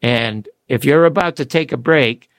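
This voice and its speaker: An older man, an author and radio talk show guest, telling animated stories and acting out the people he quotes. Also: medium pitch, a little slow, dry recording. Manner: excitable, quotes people in acted voices.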